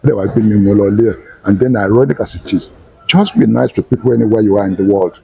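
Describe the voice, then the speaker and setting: Older man, Nigerian accent, gravelly and raspy voice, dark tone, animated storyteller. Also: on the low side, quick pace, dry recording, low-quality recording. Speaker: retired teacher and academic. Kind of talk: storytelling interview.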